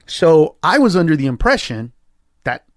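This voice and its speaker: A male comedian guest on a podcast tells his story emphatically, swearing freely and bursting into acted-out quotes. His voice sits fairly high for a man. The sound is dry and close, with no room around it. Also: big pitch swings, moderate pace, no echo. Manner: emphatic and profane, acts out quoted lines with big pitch jumps.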